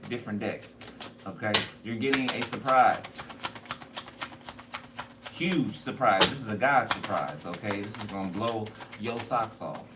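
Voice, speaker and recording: A man's voice: on the low side, a little slow, pauses often. A man doing a casual tarot card reading, blunt and profane and repeating himself a lot. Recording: noisy, distant mic.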